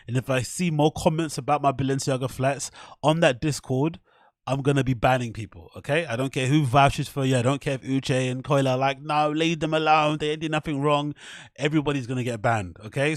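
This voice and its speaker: A man rambles through his podcast, swearing freely and laughing at his own mock threats. His voice sits at an ordinary pitch. The sound is close and dry. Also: no echo. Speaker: podcast host. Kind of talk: casual rambling commentary.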